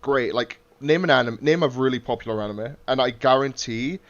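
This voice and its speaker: Male podcast host, animated chat, swears a lot, mid-pitched voice, slightly muffled lo-fi audio. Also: fairly quick. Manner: animated, swears freely, acts out quotes. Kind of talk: casual chat.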